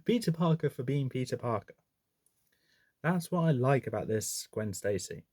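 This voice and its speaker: A man's voice: medium pitch, lively intonation, normal speed, a little mellow, dry recording. A man in a middle register chats through his film ranking in a loose, opinionated way. He trips over words and corrects himself as he goes, and the sound is close and dry with no room around it. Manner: chatty, opinionated, self-correcting with frequent restarts. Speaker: movie reviewer. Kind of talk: casual movie ranking commentary.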